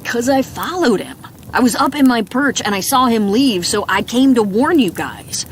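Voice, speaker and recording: A man's voice: extremely high pitch, lively intonation, normal speed, slight background noise, voice pushed up. A woman voicing a chatty, wisecracking grown man who grumbles and jokes in a storybook reading. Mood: jokey. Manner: jokey, grumbling, talkative.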